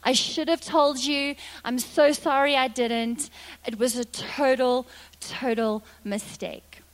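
A woman's voice: high-pitched, steady tone, takes it slowly, big-room sound, rough recording. A woman doing a frantic little boy. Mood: remorseful. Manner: pleading, eager to please. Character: panicked guilty young boy.

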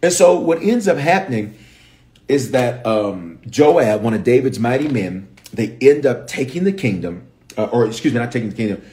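A bishop with a Memphis accent teaches the Bible on a livestream, his medium-pitched voice at normal speed. He tells the story by giving each character an animated voice.

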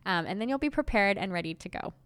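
This young woman's solo podcast has a conversational, comforting feel, heavy on ums and likes. She speaks fast and animatedly at medium pitch, with background noise in the audio.

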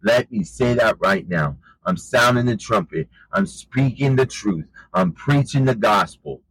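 A man preaches in a low, husky, slightly breathy voice. He talks in a loose, emphatic, conversational way, and the recording is close and dry. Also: lively intonation, measured pace, a bit bright, no room sound, rough recording. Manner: emphatic, conversational, repeats "you know". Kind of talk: informal sermon.

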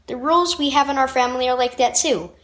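A woman voicing a mother in a children's devotional story, gentle and teasing, then earnest. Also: high-pitched, fast talker. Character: warm playful adult mother.

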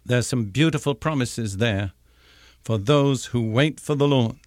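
An older man teaching from the Bible in a measured, emphatic sermon, slowing down to stress key words. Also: mid-range voice, dry recording, clean studio sound. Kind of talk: recorded radio sermon.

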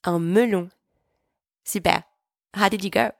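A woman teaching a podcast French lesson, pronouncing each word slowly and clearly so listeners can repeat after her. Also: mid-range voice, no echo, studio quality. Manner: clear, slow, deliberate pronunciation for repeating. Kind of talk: podcast language lesson with repetition drills.

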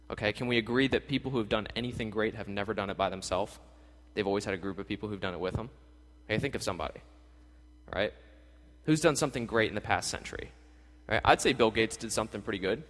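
A man preaches a lively, chatty sermon to young listeners, slipping into voices to act out what people say. His middle-range voice rings with the long reverb of a large hall. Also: mid-range voice. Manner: energetic, conversational, acts out quotes. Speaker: youth pastor. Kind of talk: casual sermon.

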